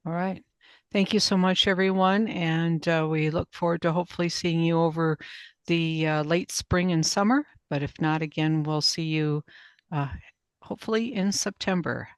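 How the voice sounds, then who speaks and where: A man hosting a video-call webinar, reading out upcoming events in a halting way, full of pauses and fillers. His voice is smooth and clear, and the sound is dry and close, with no room behind it. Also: a little high, steady tone, no room sound. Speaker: webinar host. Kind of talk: casual webinar announcements.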